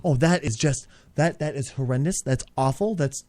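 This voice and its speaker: A man hosting a comedy show, bickering and swearing, jumping between squeaky outbursts and low grumbling. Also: normal speed, darkish tone, dry recording. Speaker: podcast host.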